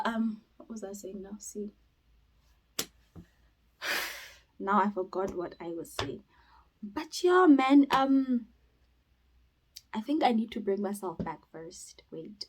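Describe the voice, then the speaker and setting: A young woman from South Africa chatting casually on her vlog, rambling and expressive, with sudden loud bursts and whispered asides. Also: medium pitch, poor audio. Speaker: YouTuber. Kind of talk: casual chat.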